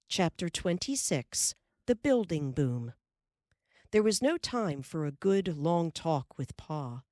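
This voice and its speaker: A woman reading an audiobook aloud in a calm, measured storytelling manner. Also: deep voice, no echo, studio quality. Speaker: audiobook narrator. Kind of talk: scripted narration.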